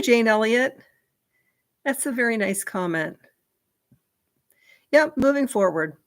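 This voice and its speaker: A woman's voice: fairly high pitch, expressive, slow pace. A woman hosting a livestream, chatting in a rambling way and answering viewer comments. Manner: chatty and rambling, many fillers and asides. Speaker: livestream host.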